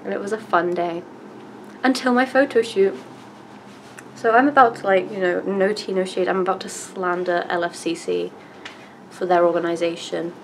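A woman's voice: lowish voice, steady tone, normal speed, gravelly, a little hiss or hum, rough recording. A young woman, telling a story casually to camera with lots of fillers and the odd swear. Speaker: vlogger.

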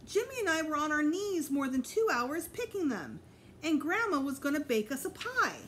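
A woman voicing an indignant, excitable schoolboy in a storybook reading, exclaiming high and loud. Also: normal speed, slight background noise.

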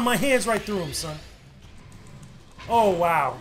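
A man streaming a fighting game live, commentating and trash-talking with loud excited bursts. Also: high voice, slow, soft background music.

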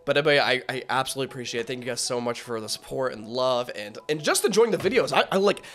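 Man, slightly hoarse, rambling reaction host, eager, faint music underneath. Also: mid-range voice, animated, quick pace, a bit bright. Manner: rambling, filler-heavy, enthusiastic. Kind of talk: casual reaction commentary.

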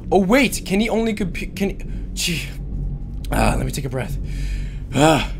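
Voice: medium pitch, fairly bright tone. A gaming channel host giving panicked let's-play commentary, shrieking and repeating words over and over. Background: game music.

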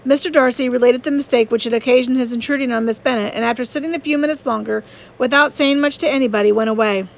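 A woman narrating a classic novel as an audiobook reader, steady and measured. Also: fairly high pitch.

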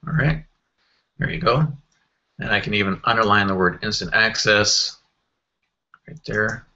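A man walking through a software screen tutorial in a casual, think-aloud way, with fillers and self-corrections. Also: on the low side, measured pace, dull audio. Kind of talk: screen-recorded software walkthrough.

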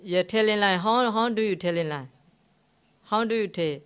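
A man's voice: sits high, normal speed, fairly bright tone, clean tone. A man, a Buddhist monk, giving a dharma talk in simple broken English. He asks the listeners questions and tells a teaching story, repeating key words. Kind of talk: dharma talk to a live audience. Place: meditation centre hall.

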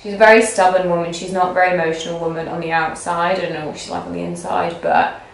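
Fast and fairly flat in pitch, a young woman's low voice runs through a rambling, filler-heavy vlog. She films herself casually indoors while her apartment is packed up, and the recording echoes around the room.

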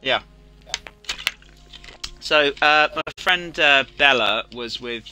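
A man's voice: mid-range voice, slow pace, music in the background. A British man streaming a game and chatting, telling a long story with lots of restarts and fillers. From Britain. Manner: rambling storyteller with many restarts. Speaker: streamer host. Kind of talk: casual chat while gaming.

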